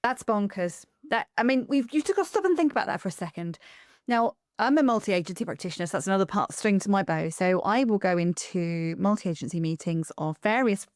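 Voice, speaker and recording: Animated woman podcast host. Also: on the low side, no echo, studio quality. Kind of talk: conversational podcast interview.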